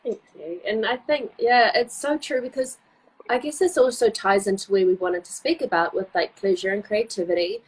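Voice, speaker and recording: A woman's voice: medium pitch, normal speed, slightly rough, poor audio. A woman hosting a live online chat, talking in a gushing, effusive way full of fillers. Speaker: host of a live interview series. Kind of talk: casual chat on a live stream.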